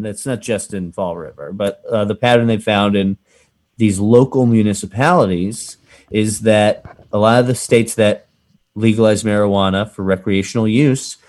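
Rambling low-voiced man from Massachusetts. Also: darkish tone. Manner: loose and rambling, frequent fillers and restarts. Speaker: podcast host. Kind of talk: casual chat.

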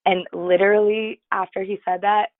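A woman's voice: mid-range voice, flat delivery, normal speed, no room sound, phone-quality sound. A woman guest on a talk show, telling candid, profane stories in casual chat with lots of fillers. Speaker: podcast guest.

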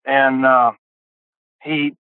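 A man's voice: mid-range voice, little pitch movement, extremely slow, clean tone, no room sound. Older man on a tinny phone line. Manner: folksy, repeats words when starting sentences. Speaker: podcast guest. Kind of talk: casual storytelling.

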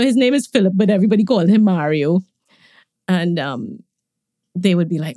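A woman, a podcast guest, tells stories about her family in a relaxed way and laughs often. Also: lowish voice, brisk, no echo, studio quality. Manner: warm reminiscing, laughs often. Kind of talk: conversational storytelling.

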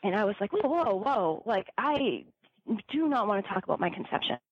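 A woman recounting a personal story in a loose, conversational way, with lots of "like" and "you know" and quoted voices acted out. Her voice is a little husky at a middle pitch. The recording is close and dry but dull. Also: big pitch swings, fairly quick, dry recording. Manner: chatty, many fillers, acts out quoted voices. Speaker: storyteller guest.

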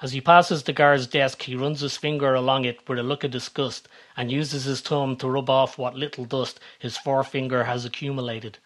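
A man reads a comedic story aloud at a steady, even pace. His voice sits at an ordinary mid pitch, and he keeps his delivery level and unhurried. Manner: steady, even-toned reading. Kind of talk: scripted story narration.

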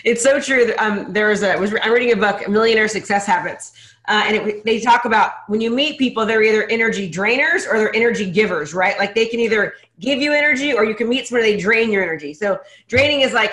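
A woman hosting a podcast in casual interview chat, upbeat, talking in quick bursts with many restarts. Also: on the high side, a bit bright, roomy sound. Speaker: podcast host.

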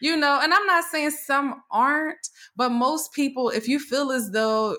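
A woman's voice: measured pace, slight background noise. A woman co-hosting a casual talk show, telling a story candidly, swearing freely and acting out what people said, often laughing. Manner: laughs often, pitch jumps up when excited. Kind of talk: casual chat.

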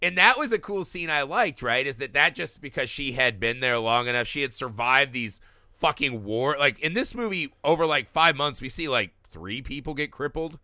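Another co-host on the same casual film podcast swears a lot, laughs mid-sentence, and rants with plenty of energy. His medium-pitched voice sounds pushed and bright at a moderate pace. The recording is dry and of studio quality.

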